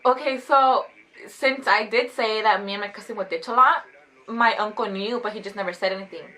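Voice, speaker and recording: A woman in her twenties telling a casual storytime vlog, chatty and animated, saying "like" constantly. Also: mid-range voice, rough recording. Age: 20s. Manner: chatty, fast, heavy use of "like", animated retelling. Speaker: vlogger.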